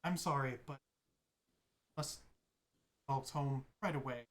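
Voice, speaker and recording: A woman's voice: a bass voice, slow, voice pushed down. A woman voicing a nervous, fussy older male butler who speaks politely and hesitantly. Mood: fretful. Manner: hesitant, apologetic.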